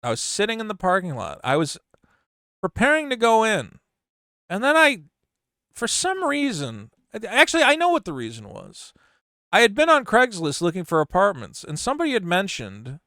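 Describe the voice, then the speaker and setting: A middle-aged man tells a story about himself in a loose, casual monologue, frank and self-mocking, stumbling and restarting as he goes. His voice sits a little high for a man and comes across smooth and clean. The sound is close and dry, with no room around it. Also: fairly bright tone, no room sound. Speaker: channel host.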